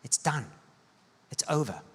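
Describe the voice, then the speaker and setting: Preacher in a reverberant hall. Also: male voice, measured pace. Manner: storytelling preacher with sweeping rises and soft dips. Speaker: pastor. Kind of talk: sermon. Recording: long church-hall reverb.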